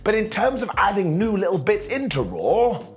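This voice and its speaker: A man's voice: high-pitched, sing-song, normal speed. A man reviewing a wrestling show in a joking, sarcastic way, often quoting people in mock voices. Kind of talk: animated wrestling recap.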